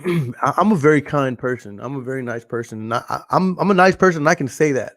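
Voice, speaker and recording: A man, a podcast host talking loudly and passionately in a casual monologue to a camera in front of a green screen. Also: medium pitch, fast. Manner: loud, passionate talker. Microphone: camera recording.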